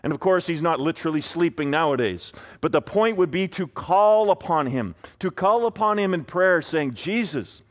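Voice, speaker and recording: Male pastor preaching a sermon, earnest delivery, voice a touch high. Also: expressive, moderate pace, few pauses. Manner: earnest preaching, voicing prayers in a pleading tone.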